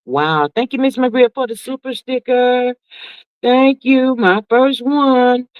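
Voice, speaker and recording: A woman's voice: fairly high pitch, noisy background. Sassy lady livestreamer chatting and reading comments, drawly, dull lo-fi sound. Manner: sassy, drawn-out, peppered with "child" and "honey". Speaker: livestream host. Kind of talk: casual livestream chat reading viewer comments.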